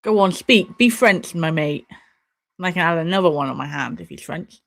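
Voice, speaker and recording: A young woman with a lowish, creaky, fairly bright voice speaks at normal speed with lively intonation. Hosting a watch party for her stream viewers, she watches an awards show live, chatting casually, swearing, laughing and bantering at the screen.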